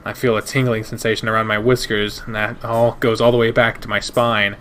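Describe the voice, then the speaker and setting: A man reading a visual novel aloud in first person, steady and measured. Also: on the low side, slight background noise. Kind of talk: first-person narration of a game.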